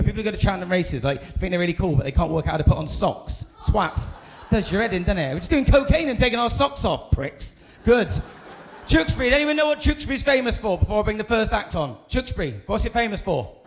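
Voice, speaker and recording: A man's voice: sits high, expressive, fast talker. A man hosting a comedy club night, bantering crudely with the crowd and hyping it up. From England. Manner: crude, teasing banter with the crowd, shouting to hype the room. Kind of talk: stand-up compering.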